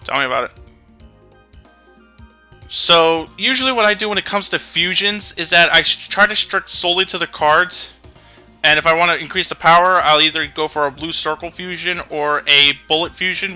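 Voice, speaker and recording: Guy explaining a game, jokey and sweary, crisp bright voice. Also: fairly high pitch, a little fast, soft background music. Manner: joking, profane, explains game mechanics. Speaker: let's play commentator. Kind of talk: casual game commentary.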